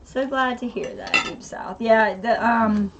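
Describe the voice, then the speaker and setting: A woman's voice: fairly high pitch, measured pace, dull audio, a loud crowd. A woman co-hosting a casual live stream, upbeat and laughing often as she greets viewers and reads their comments.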